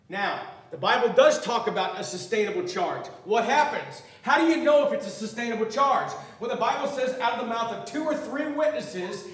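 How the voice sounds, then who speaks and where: A man's voice: very high-pitched, a bit bright. A man preaching a sermon, emphatic, swelling and dropping in volume as he quotes scripture, recorded from far off in an echoey church hall.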